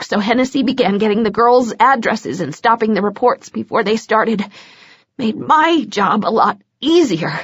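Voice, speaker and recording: A cornered male henchman in an audiobook, snide and gabbling out his confession in a rush, as a woman narrator puts him on. The voice is husky, with a dry, close sound. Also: sits high, dry recording. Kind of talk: audiobook character voice.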